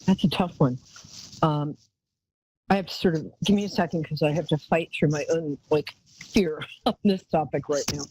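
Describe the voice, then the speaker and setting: A woman's voice: low voice, moderate pace, a little mellow, slight background noise, poor audio. A woman hosting a live call-in psychic show, talking in a chatty, rambling way and calling callers darling.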